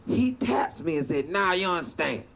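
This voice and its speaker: A man doing stand-up comedy, telling a long story with animated delivery and laughter. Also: high voice, moderate pace, gravelly. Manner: animated, laughing through punchlines. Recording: noisy stand-up clip played back.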